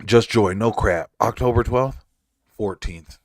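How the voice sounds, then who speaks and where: Low-voiced man chatting loosely on stream. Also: takes it slowly. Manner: rambling, chuckling, self-mocking dad jokes. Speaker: streamer reading live chat. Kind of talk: casual livestream chat.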